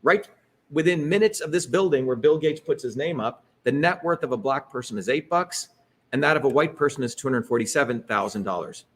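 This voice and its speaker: With a husky, medium-pitched voice and a brisk pace, a middle-aged man gives a public political talk using slides. He's emphatic and rhetorical, constantly tossing in "okay?" and "right?" to check in.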